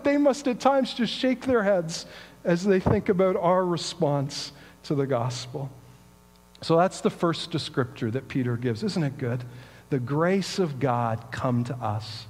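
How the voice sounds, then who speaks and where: A man's voice: high voice, expressive, a little slow, darkish tone, in a large hall. A man giving a sermon in a conversational storytelling way, asking rhetorical questions. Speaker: pastor.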